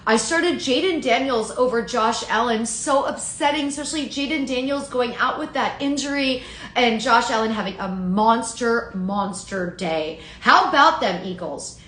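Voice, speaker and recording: A woman's voice: on the high side, fairly bright tone, reverberant. A woman hosting a casual live stream on her phone, chatting and answering viewers' comments by name. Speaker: livestream host reading chat.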